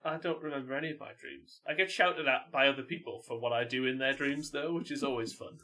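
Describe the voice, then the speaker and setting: Casual man in his twenties, podcast co-host, bright tone, laughs between his lines. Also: medium pitch, fairly even intonation, quick pace. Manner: laughs often while talking. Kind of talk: casual chat.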